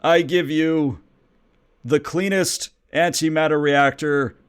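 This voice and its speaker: A man's voice: fairly high pitch, fairly even intonation, slow pace, smooth, voice pushed up. A man voicing an aging male inventor delivering a grand, oratorical speech. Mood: grandiose.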